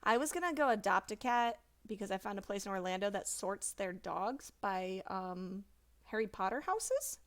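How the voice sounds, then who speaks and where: A woman in her thirties co-hosting a casual podcast chat, animated and acting out quoted exchanges in funny voices. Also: mid-range voice, moderate pace. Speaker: podcast co-host.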